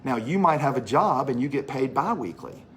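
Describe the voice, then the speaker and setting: A man with a Southern accent pitching an opportunity to a crowd, his voice rising and falling a lot as he tells stories. He sits in the middle range for pitch and leans on repeated phrases to drive points home. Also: lively intonation, normal speed, slight background noise. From Mississippi, US. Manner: chatty storytelling, repeats phrases for emphasis. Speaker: presenter of a business opportunity. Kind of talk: animated sales pitch to a live audience.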